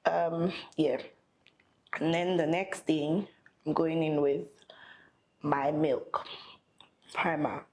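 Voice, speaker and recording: A woman's voice: sits low, fairly even intonation, slow, pauses often, a little mellow, low-quality recording. A young woman chatting casually while doing her makeup. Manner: chatty, thinking aloud while applying makeup. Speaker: makeup artist vlogger. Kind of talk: casual get-ready-with-me chat.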